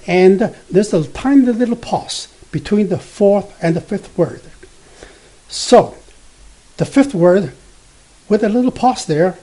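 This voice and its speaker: A man teaching beginner Mandarin from slides, explaining slowly and haltingly with many fillers, and reading example sentences tone by tone. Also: high voice, lively intonation, warm tone. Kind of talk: slide-based language lesson.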